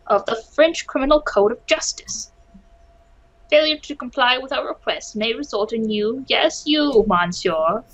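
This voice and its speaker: A woman's voice: fairly high pitch, a bit bright, heavily acted, rough recording. A woman voicing a confident male bird defense attorney in a game, talking in formal legal bluster. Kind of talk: voicing a visual novel let's play.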